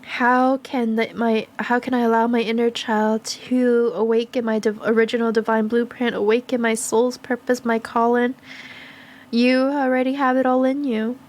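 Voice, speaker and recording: A woman giving a gentle, slow spiritual card reading, speaking in soft, affirming phrases with pauses and fillers. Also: a little high, flat delivery. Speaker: tarot and oracle card reader.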